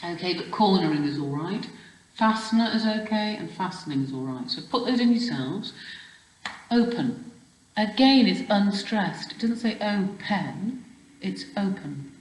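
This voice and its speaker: A woman's voice: medium pitch, expressive, normal speed, roomy sound, poor audio. A woman teaching a children's spelling lesson, explaining patiently step by step and checking with questions. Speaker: primary school teacher.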